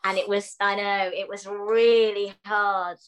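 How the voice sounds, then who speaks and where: A middle-aged woman, speaking at a medium pitch. She tells her anecdotes with animation and slips into other people's voices as she goes. This is relaxed, chatty interview talk. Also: measured pace, smooth, rough recording. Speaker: actress guest. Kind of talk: casual interview chat.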